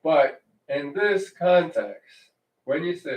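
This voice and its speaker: A man's voice: fairly high pitch, very animated, unhurried. A man giving an informal sermon on the weekly Bible reading, talking conversationally, often checking in with "right?" and restarting his phrases. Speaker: congregation teacher. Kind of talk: informal Torah-portion sermon. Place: congregation hall. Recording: echoey room, distant mic.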